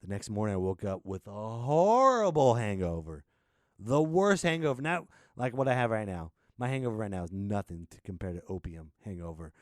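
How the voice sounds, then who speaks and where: A man in his thirties hosting a podcast tells a rambling, profane story in a casual monologue, laughing often. His low voice is very animated and brisk, captured with clean studio sound and no echo.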